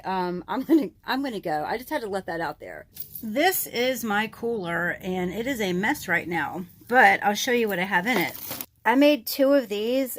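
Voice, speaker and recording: A woman who works as a mail carrier, telling a chatty vlog story and growing animated and incredulous as she vents. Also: medium pitch, no room sound. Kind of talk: casual daily vlog chat.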